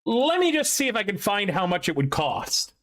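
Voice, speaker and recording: A man running a tabletop game as game master, chatty and quick to laugh. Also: high-pitched, sing-song, a bit bright.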